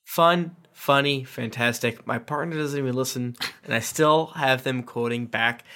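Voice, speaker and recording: A man's voice: mid-range voice, moderate pace, bright, forceful tone. Man reading listener reviews aloud. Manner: reads reviews aloud with playful emphasis. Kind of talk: casual podcast chat.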